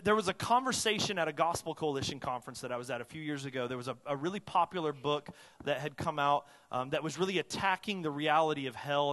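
A male pastor preaching in a church hall, his slightly high voice trailing off into a long reverb. He shifts between loud, urgent emphasis and hushed, earnest moments, pressing each point home to the congregation. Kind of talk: sermon.

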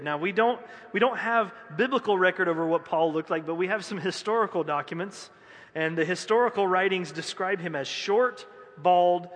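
A man's voice: high voice, a bit bright. A man preaching a sermon as pastor, conversational and self-deprecating, with joking acted asides. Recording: echoey hall.

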